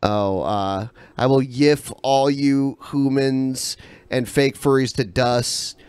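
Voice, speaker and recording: A man hosting a live podcast, reading viewer messages aloud with casual fillers and pauses between them. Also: mid-range voice, fairly even intonation, darkish tone, clear, resonant tone, no room sound. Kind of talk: casual live-stream chat. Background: panel of co-hosts.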